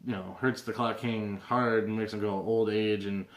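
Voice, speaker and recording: A man's voice: fairly low pitch, steady tone, moderate pace. A young man hosting a casual comic book review vlog, rambling with lots of fillers and restarts. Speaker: comic book video host. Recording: roomy echo.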